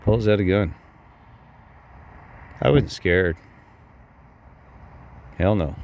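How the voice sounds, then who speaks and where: A man's voice: low voice, extremely slow, darkish tone. A man telling a rambling, heated story to his viewers. He curses often, keeps repeating "I said", and his voice jumps up when he quotes himself. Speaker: vlogger telling a personal story.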